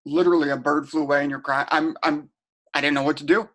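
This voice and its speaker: A man's voice: a little high, steady tone, fast talker, fairly bright tone. A middle-aged man giving a casual webinar talk, chatty and storytelling, often repeating and restarting words. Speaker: webinar presenter. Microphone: home webinar setup.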